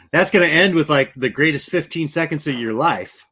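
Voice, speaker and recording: A man's voice: a little high, sharp tone, breathy edge. A young man hosting a casual video chat, joking, laughing easily and repeating himself as he talks.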